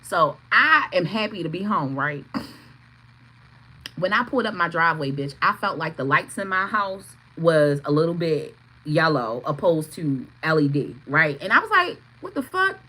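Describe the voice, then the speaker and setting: Brash, bright-voiced woman. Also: low voice, normal speed, rough recording. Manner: profane, blunt, laughing storyteller; greets chat viewers by name. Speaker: tarot reader streaming live. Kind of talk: casual livestream storytelling.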